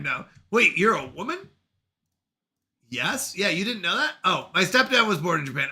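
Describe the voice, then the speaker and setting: Bright, high-voiced man in his thirties. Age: 30s. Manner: animated, reads chat aloud with quick reactions and apologies. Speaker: streamer reading chat. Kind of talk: casual live-stream chat.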